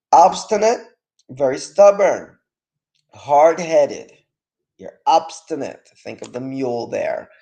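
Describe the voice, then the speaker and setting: A male teacher reviewing vocabulary for an online class, stressing each term loudly and explaining it over a video call. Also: fairly high pitch, gravelly. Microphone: computer mic on a video call with screen sharing.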